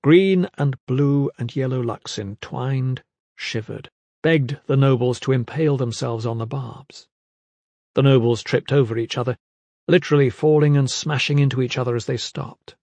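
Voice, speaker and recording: Man narrating a dark fantasy audiobook. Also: mid-range voice, moderate pace, no echo.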